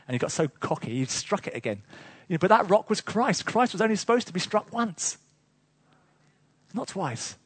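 Male preacher, sermon; high husky voice, chatty storytelling with chuckles. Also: normal speed, no echo. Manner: lively storytelling with chuckles, asides to the congregation.

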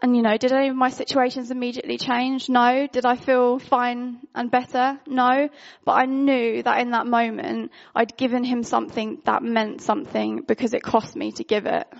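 A woman speaks in an informal, candid sermon, chatty and full of fillers. Her voice sits fairly high with a gravelly fry. The recording sounds dull and lo-fi. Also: level tone, moderate pace, hardly any pauses. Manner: candid, conversational, frequent fillers. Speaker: worship speaker.

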